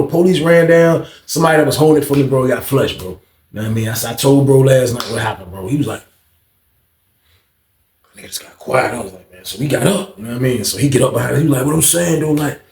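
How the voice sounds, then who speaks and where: A man tells a story at a rapid clip in a gravelly, fairly high voice. He acts out other people's lines and climbs to shouting when things get tense. The room echoes around him. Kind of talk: casual storytelling.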